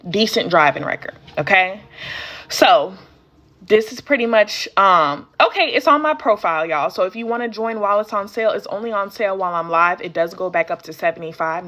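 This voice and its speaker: A woman's voice: mid-range voice, fairly bright tone. An American woman teaching a casual live-stream session as a courier business coach. She talks straight to her viewers and answers their comments as she goes. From United States. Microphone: phone live stream.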